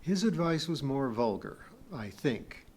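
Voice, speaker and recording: A male audiobook reader telling a story in plain first-person narration. His voice sits at an average pitch for a man, and he keeps the delivery even and measured. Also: slight background noise. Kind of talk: scripted narration.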